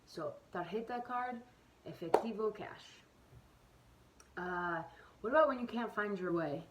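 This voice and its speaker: A woman's voice: mid-range voice, lively intonation, unhurried, very noisy. A woman giving a casual spoken lesson to camera in a chatty way, often correcting herself with amused asides. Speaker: travel vlogger teaching phrases.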